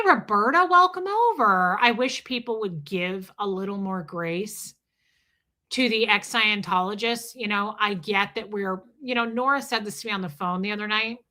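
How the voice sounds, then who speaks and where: Woman livestream host, bright and sharp-toned, blunt and confessional. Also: mid-range voice. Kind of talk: casual livestream talk with chat shout-outs.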